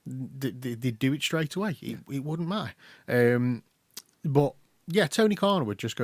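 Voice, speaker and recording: English guy chatting on a podcast, acts out quotes, mid pitch, dry mic. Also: no echo. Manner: animated, acts out quotes in quick bursts. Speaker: podcast co-host. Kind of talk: casual chat.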